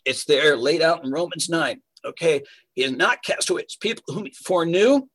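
A man's voice: on the high side, lively intonation, brisk, fairly bright tone, breathy edge, low-quality recording. A man preaching a verse-by-verse Bible sermon, earnest and emphatic, asking rhetorical questions as he teaches.

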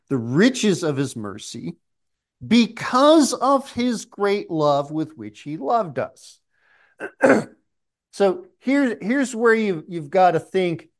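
A man preaching a sermon, slow and emphatic, often clearing his throat. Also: on the high side.

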